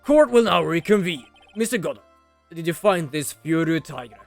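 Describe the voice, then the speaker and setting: A man's voice: lively intonation, normal speed, gravelly, faint music behind. A man voicing an absent-minded, flustered old judge in a fussy, raised voice. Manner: fussy, louder and higher than his own talk.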